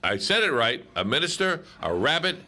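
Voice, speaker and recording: A man co-hosting a radio chat, playful and teasing, with quick interjections. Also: fairly high pitch, big pitch swings, pushed and bright. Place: radio studio.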